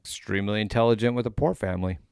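A man co-hosting a casual podcast chat, animated and laughing, often cutting in. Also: fairly low pitch, very fast, gravelly, clear, resonant tone, no echo, clean studio sound. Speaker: podcast co-host.

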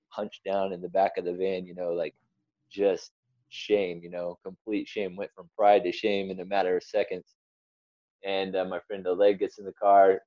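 A man's voice: sits low, dark tone, no echo, highs cut off. A young man giving an earnest, rambling personal testimony as an interview guest. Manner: earnest, rambling storyteller with restarts.

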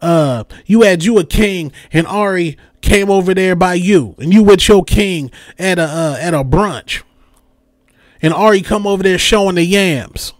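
A young man rants on his podcast in a comedic, animated way, doing little voices and circling back to the same catchphrases. His voice sits fairly high for a man. The sound is dry and close, with no room around it. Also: measured pace, no room sound. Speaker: podcast host.

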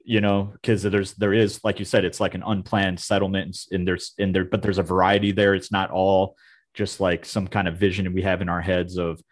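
A man's voice: deep voice, little pitch movement, a little fast. A man interviewing a guest, asking long rambling questions full of "like" and "you know". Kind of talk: casual interview.

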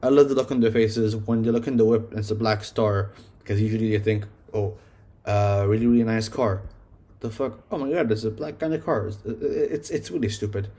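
A man's voice: fairly low pitch, fairly quick, few pauses, mellow, husky. A man casually reviewing his favorite songs, rambling and swearing, filling his talk with "like". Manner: rambling, swearing, heavy use of "like". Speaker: music reviewer.

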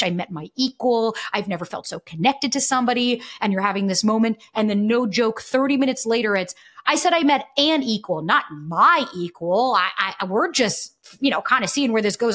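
A woman's voice: medium pitch, a bit bright. A woman in her thirties, a dating coach and podcast guest, telling her story candidly and bluntly, swearing freely and acting out the voices she quotes.

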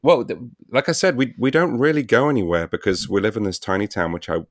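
A man's voice: lowish voice, fast talker, dry recording. A young man, a new dad and podcast co-host, telling a rambling story with dry self-deprecating jokes over a remote call. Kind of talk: casual chat. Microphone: home mic on a remote call.

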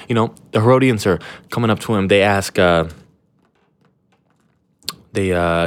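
A young man with a notably low voice chats casually as a podcast host. He rambles in a slangy, laid-back way, full of fillers and restarts. He keeps an irreverent, self-deprecating tone. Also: unhurried, long pauses. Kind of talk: casual chat.

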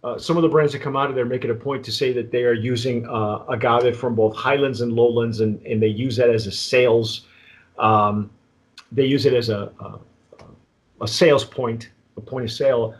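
Hosting a relaxed tequila review, a man speaks at medium pitch with fairly even intonation, wandering off track, pausing, and restarting sentences with plenty of filler words.

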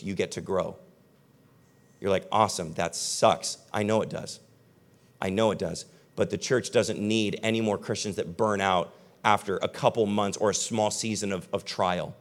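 Delivering his sermon in a medium-pitched voice, the young pastor keeps things lively and conversational, then shifts down to a soft, earnest delivery.

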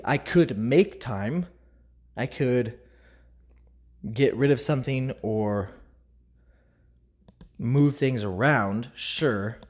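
A man's voice: mid-range voice, darkish tone. A man speaking candidly and reflectively as a Christian speaker, telling a personal faith story and acting out the dialogue he quotes. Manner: reflective, openly vulnerable.

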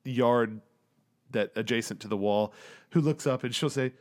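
A man's voice: medium pitch, moderate pace. A man running a tabletop game as game master, narrating casually with lots of fillers and laughter.

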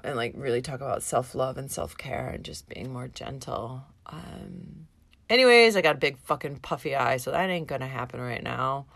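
A woman's voice: extremely low pitch, gravelly, dry recording, clean studio sound. A woman hosting her own podcast in a casual, profane, emotional monologue. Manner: profane, emotional, tearful and laughing at moments; lively, animated with put-on voices in quotes. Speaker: podcast host.

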